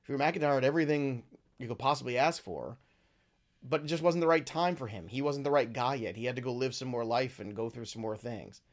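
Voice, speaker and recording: A man hosting his own talk show, giving opinionated, rambling commentary with lively swings in pitch and loudness. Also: a little fast. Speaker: podcast host. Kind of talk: casual wrestling commentary.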